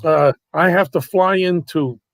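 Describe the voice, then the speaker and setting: An older man spins brash, salty show-business stories like a comic raconteur. His voice sits a bit high for a man and sounds dry and close, as if on a video call. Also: a little slow, dry recording, poor audio. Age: 80s. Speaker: guest, actor and nightclub entertainer. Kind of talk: anecdotal storytelling.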